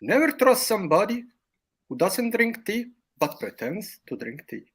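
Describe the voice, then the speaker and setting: A man's voice: high-pitched, sing-song, normal speed, fairly bright tone, breathy edge, full character voice. A man doing a whiny fake-Aussie son. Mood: pleading. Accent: put-on Australian. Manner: ends lines with "mate", pleading.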